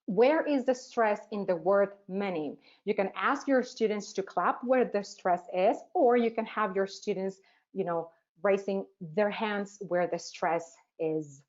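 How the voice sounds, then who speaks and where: A woman teacher trainer presenting a webinar, asking rhetorical questions and pausing often with "uh" fillers. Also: mid-range voice, a little mellow. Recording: dull, lo-fi webinar audio.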